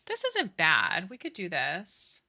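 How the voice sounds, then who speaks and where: A woman's voice: fairly low pitch, huge pitch swings, slow, vocal fry, pushed and bright. A woman in her thirties chatting casually on a game stream, gushing and giggly as she talks to her chat. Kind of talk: casual chat with chat while gaming.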